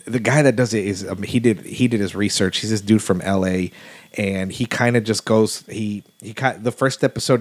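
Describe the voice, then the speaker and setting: A man from Houston telling stories on a casual podcast, laid-back and swearing freely with lots of fillers. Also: on the low side. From Houston, Texas. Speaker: podcast host. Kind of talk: casual storytelling chat.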